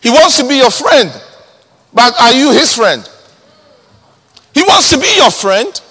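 Man, sermon, high voice, long hall reverb, repeats key words. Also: big pitch swings, unhurried, slightly rough. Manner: emphatic, repeats key words, swings from loud to hushed. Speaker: preacher.

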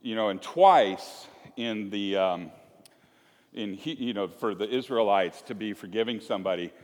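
A man's voice: fairly low pitch, moderate pace, a little mellow. A man preaching a chatty, joking sermon to his congregation, acting out little scenes as he goes. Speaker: pastor. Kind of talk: conversational sermon. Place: church sanctuary. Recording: echoey church hall.

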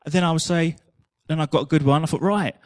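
A man's voice: fairly high pitch, fairly even intonation, fast talker, no room sound, studio quality. A man preaching a sermon in a chatty, humorous storytelling manner.

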